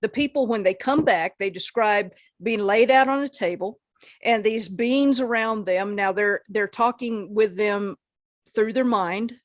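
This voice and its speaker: A woman's voice: mid-range voice, unhurried, dry recording. A woman co-hosting a casual podcast chat, teasing her partner and giggling often. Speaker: podcast co-host.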